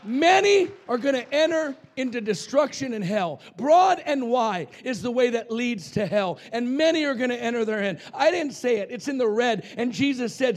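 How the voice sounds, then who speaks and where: High-voiced fervent male preacher. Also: expressive, moderate pace, few pauses. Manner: fervent preaching, swinging between loud shouts and near-whispers. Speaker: pastor. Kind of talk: sermon.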